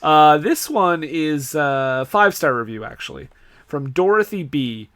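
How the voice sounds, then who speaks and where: A male podcast co-host reading reviews with amused, incredulous reactions. His voice sits slightly high for a man. The sound is dry and close, with no room around it. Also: animated, measured pace, a bit bright, no room sound. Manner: amused, incredulous, laughs often. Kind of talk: casual chat, reading reviews aloud.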